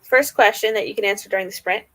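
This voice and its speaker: A woman's voice: medium pitch, fast talker, a bit bright. A woman hosting a livestream, running writing sprints in giggly, upbeat casual chat. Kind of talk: casual live-stream chat.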